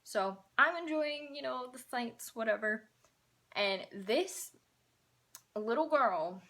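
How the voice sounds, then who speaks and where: A young woman vlogger telling a storytime in a casual, animated, sarcastic way, a bit out of breath. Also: fairly high pitch, slow.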